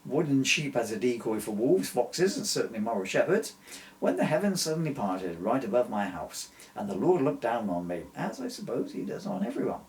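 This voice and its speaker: A man's voice: mid-range voice, big pitch swings, a little fast, darkish tone. A man voicing Noah as a complaining, sardonic old man in a comic story. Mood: grumbling. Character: Noah, grumbling old boat-builder.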